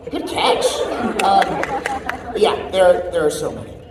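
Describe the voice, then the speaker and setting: A voice actor answering fan questions at a convention panel in a casual, chatty way, laughing often. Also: male voice, high voice, sing-song, unhurried. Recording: echoey hall, distant mic, crowd noise.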